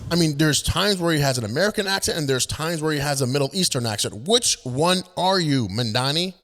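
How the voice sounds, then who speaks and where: A man's voice: on the high side, animated, a little fast, fairly bright tone, slight background noise. A man ranting as a political commentator, emphatic and indignant, stumbling into restarts.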